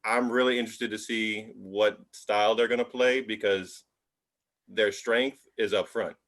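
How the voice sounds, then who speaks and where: Deep-voiced dude chatting sports, laid back, lots of likes and ums. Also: male voice, measured pace. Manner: relaxed, filler-heavy. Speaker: podcast co-host. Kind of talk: casual sports chat.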